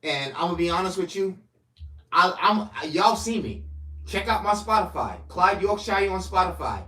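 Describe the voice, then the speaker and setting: A man delivering a profane ranting political monologue to camera, swinging between loud outbursts and low mutters. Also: expressive, moderate pace, roomy sound. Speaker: political commentator.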